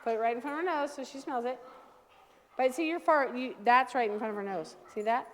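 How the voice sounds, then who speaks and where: A woman dog trainer leading a hands-on class, giving brisk, direct commands to owners and their dogs. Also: fairly high pitch. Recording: long reverb from a large room.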